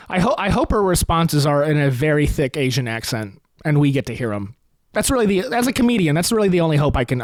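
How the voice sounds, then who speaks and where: A man's voice: high voice, dry recording. A man hosting a comedy podcast, rambling through a profane topical rant and laughing at his own jokes.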